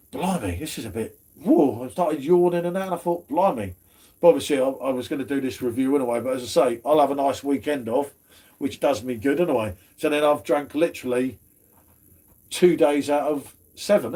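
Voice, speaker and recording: Man, slangy chatty banter, fairly high voice, beer stream host. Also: fairly quick, dark tone. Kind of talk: casual pub chat.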